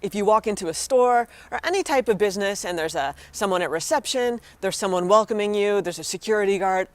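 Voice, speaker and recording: American woman, young adult, casual vlog lesson, encouraging, mid-pitched voice. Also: a little fast, no echo. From United States. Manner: chatty and encouraging, addresses viewers directly. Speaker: vlogger teaching French phrases.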